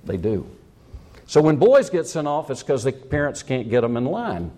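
A man's voice: medium pitch, sing-song, normal speed, mellow. An older man preaching a sermon with passion, repeating lines for emphasis and asking rhetorical questions.

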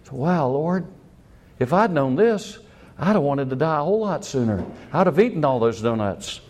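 Older man, pastor, lively sermon, rising and falling pitch, slightly high voice. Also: normal speed, slight background noise. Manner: animated, exclaiming, acts out quotes.

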